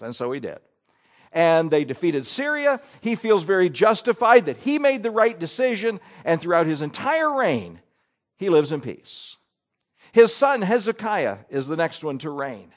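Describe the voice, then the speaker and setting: A man delivers a sermon in a lively, swooping voice that sits a little high for a man. He preaches with animated emphasis, rising and dropping as he reads and explains scripture. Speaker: pastor.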